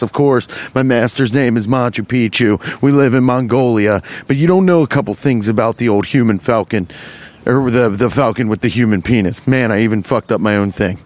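A man hosting a comedy podcast, rambling through an improvised, profane, deadpan bit while walking along a street. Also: mid-range voice. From Cincinnati, US. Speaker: podcast host. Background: faint traffic.

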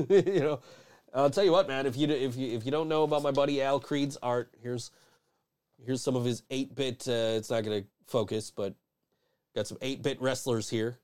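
A man hosting a podcast talks in loose, casual chat at a middle pitch. He swears freely and rambles, restarting his sentences often. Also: steady tone, normal speed, darkish tone, clear, resonant tone. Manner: profane, rambling, frequent restarts and laughs. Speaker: podcast host.

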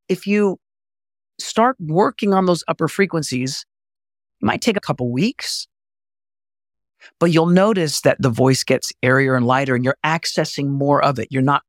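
A middle-aged man hosting a podcast voice lesson, animated and often jumping high to demonstrate. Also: normal speed, no echo, studio quality. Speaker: voice coach and podcast host.

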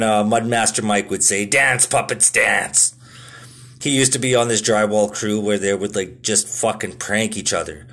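A man's voice: on the low side, fairly bright tone. A man in his thirties telling stories in a casual, rambling monologue, full of swearing and filler words. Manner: laid-back, swears a lot, lots of filler words.

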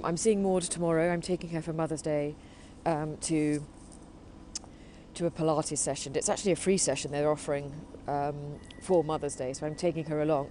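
A woman's voice: deep voice, mellow, slight background noise. An English woman hosting a show, chatting casually and rambling with lots of fillers and hedges. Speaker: host. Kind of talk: casual radio chat.

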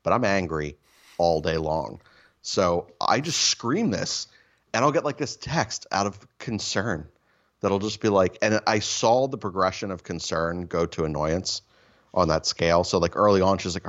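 A man with a very deep voice tells rambling, self-mocking stories full of swearing. The talk is loose and casual. The recording sounds slightly dull and muffled. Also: moderate pace, a bit bright. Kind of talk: casual storytelling chat.

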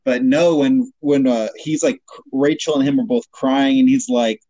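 A man chatting casually on a podcast about a film moment that shocked him. He tells it with animation and acts out the characters' lines. His voice is mid-pitched and dry, close to the mic. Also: moderate pace, few pauses, no room sound, rough recording. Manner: animated storytelling, acts out quotes. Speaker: podcast co-host. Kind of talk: casual movie chat.

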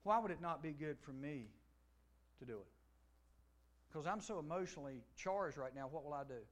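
A middle-aged man preaching a sermon to a youth audience, telling the story with animation and acting out dialogue, swinging from loud to hushed. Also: on the high side, lively intonation, moderate pace. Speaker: pastor. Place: large room before a youth audience.

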